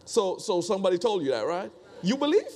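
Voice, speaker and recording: A man's voice: high-pitched, sing-song, fast, a little mellow. A man preaching a conversational sermon, repeating phrases and asking the congregation rhetorical questions.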